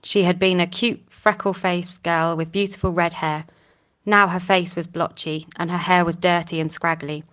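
Woman audiobook narrator, measured, lower pitch. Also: steady tone, fairly bright tone. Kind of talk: scripted narration.

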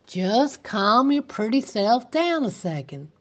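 A woman voicing a drunk, leering male small-town sheriff who talks in a slow drawl. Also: fairly high pitch, very animated, voice pushed up.

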